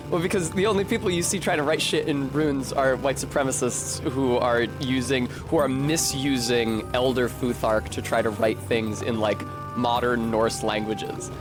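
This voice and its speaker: A man streaming a video game, rambling casually and swearing as he goes off on tangents. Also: mid-range voice. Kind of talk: casual gaming commentary.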